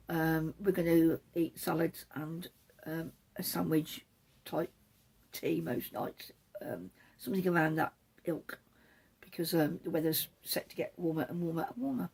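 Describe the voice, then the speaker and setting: Gravelly woman podcaster. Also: sits low, moderate pace, a little mellow. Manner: rambling, self-deprecating, digresses. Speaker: knitting podcast host. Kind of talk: casual chatty podcast monologue. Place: back room at home, patio door open.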